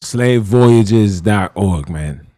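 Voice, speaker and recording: A man's voice: fairly low pitch, expressive, drawn-out words, dark tone, dry recording, clean studio sound. A man, hosting a podcast and reacting aloud to a video he plays. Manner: casual, reacting aloud, stops to comment. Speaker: podcast host. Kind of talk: reaction commentary.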